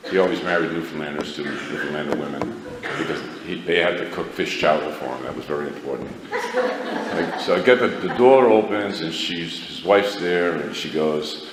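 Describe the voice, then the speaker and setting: A man's voice: low-pitched, moderate pace, a crowd in the background. A middle-aged man telling a rambling, self-mocking personal story to a recovery meeting, laughing at himself. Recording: echoey hall, faint background noise.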